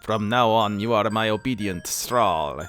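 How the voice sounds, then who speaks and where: A man's voice: fairly low pitch, unhurried, a bit bright, faint music behind. A man voicing a suave, commanding ancient male vampire count with a thick Eastern European accent. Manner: courtly, grinning, commanding.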